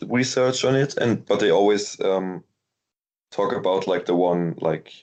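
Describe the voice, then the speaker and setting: Low-voiced man swearing casually about a movie. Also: unhurried, a little mellow. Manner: blunt, swears freely, heavy use of "like". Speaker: podcast co-host. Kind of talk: casual movie review chat.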